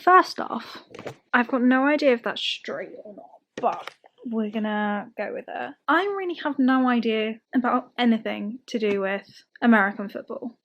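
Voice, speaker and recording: Young adult woman, casual rambling vlogger, self-deprecating, slightly high voice. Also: muffled recording. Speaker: book vlogger. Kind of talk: casual chatty vlog.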